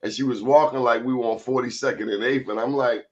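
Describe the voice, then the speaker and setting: A man hosting a casual talk show, telling a story with animated quoted voices. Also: medium pitch, quick pace. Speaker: host. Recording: dull lo-fi sound.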